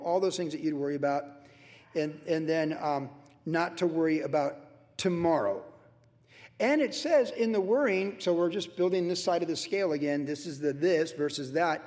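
A man's voice: on the high side, a little mellow, in a large hall. A male pastor teaching a verse-by-verse sermon in a loose, conversational way, repeating himself for emphasis. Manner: conversational, repetitive, acts out worried voices.

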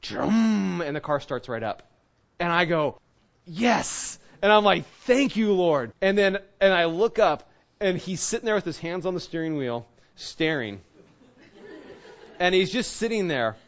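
Guy preaching, kinda high voice, chatty storytelling, dull lo-fi audio. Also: lively intonation, normal speed, a bit bright. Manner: storytelling, conversational, acts out quotes. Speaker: pastor. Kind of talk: sermon.

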